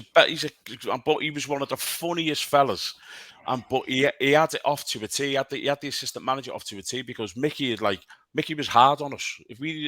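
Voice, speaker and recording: A man who used to play professionally tells long, sweary stories. His pitch sits in the middle for a man. The recording is close and dry. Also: bright, forceful tone, no room sound. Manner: swearing, rambling anecdotes. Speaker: podcast co-host, former player. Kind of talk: casual chat.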